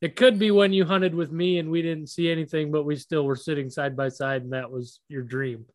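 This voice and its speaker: Chatty high-voiced man from Michigan. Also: steady tone, fairly quick, a little mellow, dry recording. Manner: chatty, laughs along. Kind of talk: casual chat.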